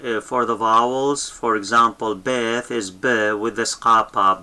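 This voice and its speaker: A man teaching a language lesson, saying each sound slowly and more than once, with many fillers and checks of "okay?". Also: fairly low pitch, steady tone, sharp tone. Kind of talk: slow instructional lesson.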